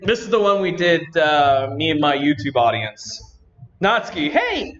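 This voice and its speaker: A man's voice: a little high, animated, moderate pace, a bit bright, dull audio, a little hiss or hum. A man hosting a convention panel, chatting to the audience and thinking aloud as he works. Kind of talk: live demo to an audience.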